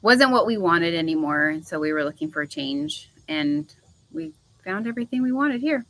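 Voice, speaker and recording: Woman, bright voice, chatty, rambling, laughs easily, casual live chat. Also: a little high, moderate pace, creaky, low-quality recording. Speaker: co-host.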